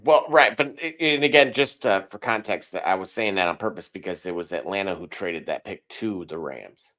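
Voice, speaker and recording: A man's voice: deep voice, normal speed, fairly bright tone. A man co-hosting a casual sports talk show, dropping dry, brief comments.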